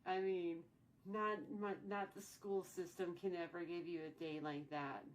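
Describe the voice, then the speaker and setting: A woman in her forties tells a personal story in a loose, rambling way, often repeating herself. Her voice is low and sounds set back from the mic. Faint background noise sits under her voice. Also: little pitch movement, unhurried, distant mic, rough recording. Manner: rambling, repeats and restarts phrases. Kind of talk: casual storytime vlog.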